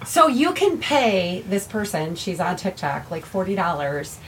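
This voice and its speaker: A woman's voice: on the low side, sing-song, measured pace, a little hiss or hum. A woman co-hosting a podcast, telling a story in casual chat, laughing, swearing and quoting others. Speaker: podcast co-host.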